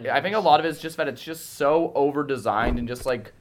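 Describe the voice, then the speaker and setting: A man's voice: mid-range voice, brisk, slight background noise. A man on a podcast giving opinionated, explanatory views about films and comics. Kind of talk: casual film chat.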